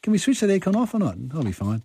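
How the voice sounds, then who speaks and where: A man's voice: high voice, big pitch swings, racing, dark tone, breathy edge, dry recording. A man hosting a talk radio show, easygoing and upbeat, talking with lots of fillers. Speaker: radio host. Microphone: studio microphone.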